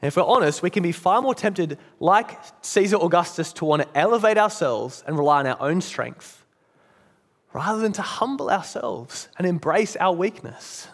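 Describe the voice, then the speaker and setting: A man's voice: animated, moderate pace. A man preaching a sermon in an earnest, emphatic way. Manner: earnest, emphatic, drops low and soft at key points. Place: church. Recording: long church reverb.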